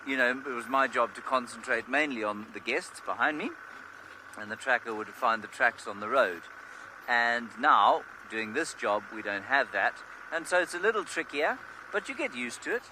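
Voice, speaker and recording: A man commentates a live game drive from an open vehicle, relaxed and explanatory at a middling pitch. A steady outdoor noise of the bush and the vehicle runs under his voice. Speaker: safari guide. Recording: outdoor mic with clear background noise.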